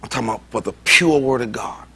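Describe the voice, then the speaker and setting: A man preaching a sermon as pastor, swinging between loud exclamations and quiet asides. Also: mid-range voice, fast, slightly rough. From United States.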